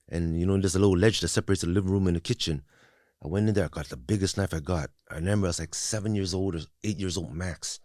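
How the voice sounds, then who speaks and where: In clean, echo-free studio sound, a deep, slightly mellow-voiced man in his forties speaks as a guest. He recounts his life bluntly and profanely, with many false starts and "you know what I mean" tags, in English, which isn't his native language.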